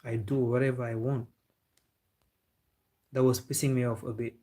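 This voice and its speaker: On his football livestream, a host from Senegal chats and laughs while responding to comments from viewers. He has a warm, mid-range voice with a level tone and speaks at a moderate pace.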